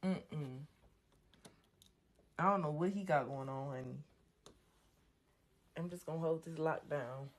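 A woman's voice: low voice, takes it slowly, long pauses. Drunk woman taunting on a livestream. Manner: brash, taunting, repeats lines over and over. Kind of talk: livestream rant. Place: home bedroom, indoors.

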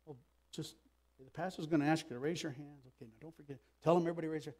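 Male pastor, fairly high voice, passionate sermon delivery with loud emphasis and quiet asides. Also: steady tone, rapid-fire. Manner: acts out quoted speech with raised pitch. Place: church sanctuary.

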